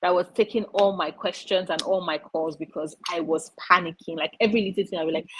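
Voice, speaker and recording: Woman book streamer rambling on a live stream, husky breathy voice, dry close sound, lots of likes and ums. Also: on the low side, brisk, hardly any pauses, no room sound, rough recording. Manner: chatty and rambling, many fillers, coos over her cat. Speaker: book streamer hosting a live reading sprint. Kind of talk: casual live-stream chat.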